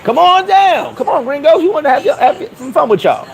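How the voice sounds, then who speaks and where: A man putting on a high, coaxing tout voice. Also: very animated, fairly quick, gravelly, heavily acted. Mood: mock welcoming. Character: mocking male local luring foreign tourists.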